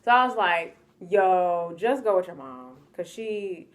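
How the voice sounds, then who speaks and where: A young woman from the United States telling a casual storytime vlog, animated and exasperated, acting out what people said to her. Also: lowish voice, takes it slowly.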